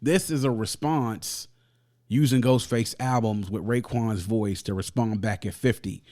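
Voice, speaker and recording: A man hosting a music review podcast, talking in a casual, slangy, animated way and laughing often. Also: fairly low pitch, a little slow.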